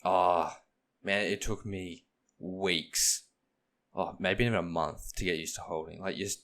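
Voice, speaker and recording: A young man, co-hosting a casual podcast and retelling stories with acted-out quotes. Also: deep voice. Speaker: podcast co-host. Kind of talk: casual chat, storytelling.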